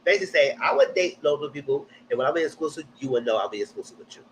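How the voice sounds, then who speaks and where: A man giving a blunt, slangy live recap of a TV show, jumping up high in pitch when he quotes people. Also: very fast, a little hiss or hum, rough recording. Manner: animated, jumps high when quoting people. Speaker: TV recap streamer. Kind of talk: live casual TV recap commentary.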